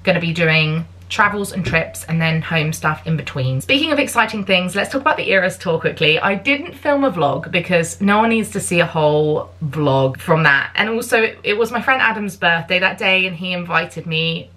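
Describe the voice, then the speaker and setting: Bubbly chatty woman with a bright voice. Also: on the low side, expressive, moderate pace, hardly any pauses. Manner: bubbly and chatty, many "like" fillers. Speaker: vlogger. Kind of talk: casual chat to camera.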